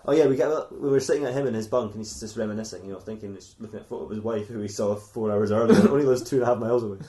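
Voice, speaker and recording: A man's voice: fairly low pitch, rapid-fire, warm tone. A man co-hosting a comedy podcast, telling a silly fan fiction story in a rambling way and laughing often at his own jokes.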